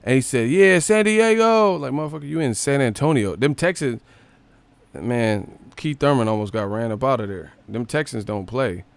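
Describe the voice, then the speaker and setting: A man's voice: medium pitch, moderate pace, creaky, dry recording. A man hosting a live stream, ranting casually about boxing with a lot of swearing. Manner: profane, ranting, animated.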